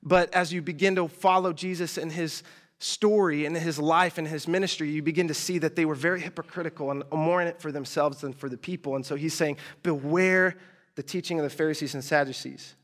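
A man's voice: fairly high pitch, fairly even intonation, brisk, a bit bright. Slangy, chatty young-sounding preacher man. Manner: chatty and slangy, with asides and mock exasperation. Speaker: preacher teaching a group. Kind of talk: casual storytelling sermon.

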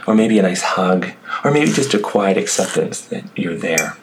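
A man's voice: low voice, a little slow, slight background noise, poor audio. A man preaching a sermon, reading scripture aloud and then reflecting on it in a conversational way with asides to the congregation. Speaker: pastor.

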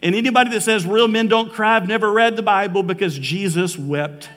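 A male pastor preaches from the pulpit, his voice sitting high and carrying heartfelt conviction. He slows down to press his key points and turns emotional at times. A long reverb fills the church sanctuary behind him. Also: a bit bright. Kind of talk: sermon. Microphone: live preaching mic.

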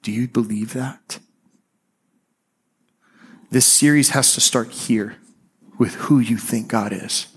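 A man preaching a sermon as pastor, speaking conversationally and slowing and softening on key phrases. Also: mid-range voice, breathy edge.

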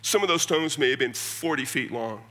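An American man preaching a sermon, explaining scripture in an animated, conversational way with casual asides. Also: medium pitch, normal speed. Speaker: pastor.

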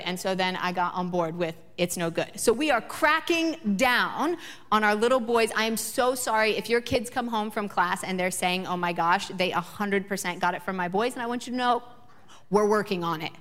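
A woman's voice: mid-range voice, a bit bright. A woman in her thirties preaching a sermon, building emphatic repeated lines and shifting into chatty stories about her children. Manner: emphatic repetition, rising passion. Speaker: pastor. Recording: long reverb of a large hall.

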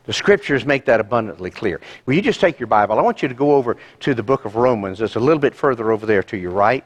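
A man's voice: mid-range voice, expressive, quick pace, lo-fi sound. A male pastor delivering an emphatic sermon, asking the congregation rhetorical questions and walking them through scripture.

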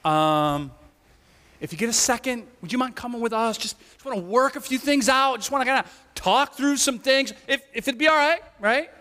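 A man's voice: very high voice, expressive, moderate pace, sharp tone, voice pushed up, exaggerated voice. A man voicing a nervous, overly polite temple captain who hesitantly coaxes people to come along. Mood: coaxing. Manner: hesitant, coaxing. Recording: long hall reverb.

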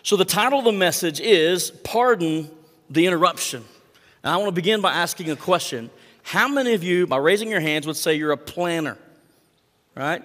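A man preaching as pastor of his church, conversational and animated, with quick asides to the congregation. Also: high voice. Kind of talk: sermon. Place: church sanctuary. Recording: long reverb of a church hall.

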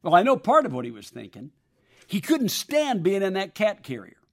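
A man's voice: high voice, moderate pace. A man telling a personal story in a sermon-like way, acting out the voices of the people in it. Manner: animated, acts out quoted voices.

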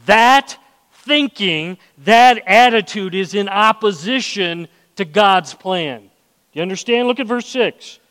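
A man's voice: sits high, fairly bright tone. A male pastor preaching a sermon, asking the congregation questions and acting out inner voices. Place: church hall. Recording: long hall reverb.

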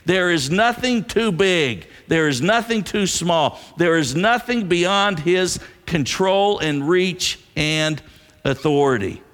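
A man's voice: on the high side, a bit bright. A man preaching a sermon to his congregation, an earnest storyteller who repeats key phrases for weight. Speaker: pastor. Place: church sanctuary. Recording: long reverb of a large hall.

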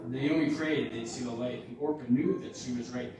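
A man's voice: mid-range voice, moderate pace, few pauses. Brief: male storyteller, singsong rhyme; far from mic, big reverb, noise. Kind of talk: rhyming storybook narration. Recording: echoey hall from far off.

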